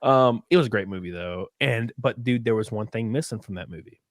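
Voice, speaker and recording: A tipsy man co-hosting a podcast, chatting crudely and animatedly, often laughing and breaking into high mocking voices. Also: a little fast, no room sound, clean studio sound. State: a little drunk. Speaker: podcast co-host. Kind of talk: casual crude banter.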